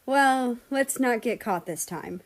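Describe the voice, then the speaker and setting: A woman's voice: on the high side, expressive, takes it slowly, pitched above the performer's own voice, full character voice. A woman voicing a playful young man who teases his family in an upbeat way.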